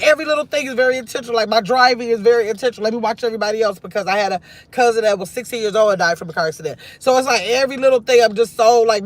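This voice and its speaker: A middle-aged grandmother hosting a casual live chat from her car, rambling and reflective as she reads viewer comments aloud. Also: mid-range voice. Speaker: livestream host.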